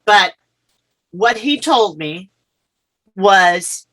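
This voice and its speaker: A middle-aged woman telling her personal story as an interview guest, earnest and halting, often repeating herself. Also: medium pitch, fairly bright tone, poor audio.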